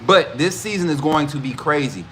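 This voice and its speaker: A man hosting a casual football livestream, talking straight to his chat with animated, repetitive hype. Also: a little high, normal speed, a little hiss or hum. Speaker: host of a college football livestream.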